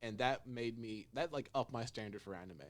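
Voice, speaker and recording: A young man hosting a casual podcast, telling a story with lively acted-out quotes. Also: medium pitch, a little fast. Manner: animated storyteller, acts out quotes in raised voices. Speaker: podcast host. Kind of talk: casual chat.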